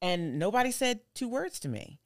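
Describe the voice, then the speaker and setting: Woman, mid-pitched voice, casual podcast storytelling, animated, acts out quotes. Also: moderate pace. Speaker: podcast guest, wife.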